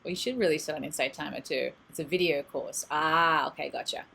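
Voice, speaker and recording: A woman's voice: low voice, fairly quick, creaky, bright, forceful tone, husky. A woman hosting a casual live-stream oracle card reading, talking candidly and reading messages aloud, recorded at home in a closet she uses as a studio. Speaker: oracle card reader and meditation channel host.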